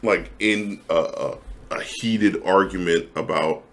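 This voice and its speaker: A man in his forties with a lowish voice chats casually with a friend on a podcast. He talks emphatically, and his voice leaps up when he gets animated. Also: slow. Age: 40s. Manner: emphatic, animated, jumps high when mimicking others. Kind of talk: casual chat.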